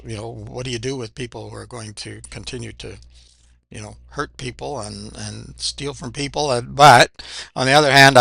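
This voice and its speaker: A gravelly-voiced Canadian man hosts a music reaction video, chatting casually and thinking out loud with plenty of "uh" fillers. His tone is bright and forward, and the recording is dry and close, with no room echo. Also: mid-range voice. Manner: chatty and reflective, with frequent "uh" fillers.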